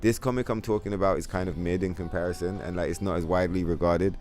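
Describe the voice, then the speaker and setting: Male streamer host, very deep voice, rambling, profane chat. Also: fast talker. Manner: profane, rambling, animated storytelling. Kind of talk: casual livestream chat.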